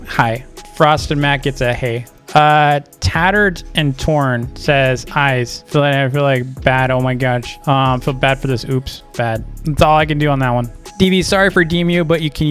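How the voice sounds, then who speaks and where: A young man hosting a casual video, reading out fan messages and replying in a playful, animated way. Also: unhurried, soft background music. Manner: playful, animated, reads messages aloud in a higher voice. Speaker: YouTuber host.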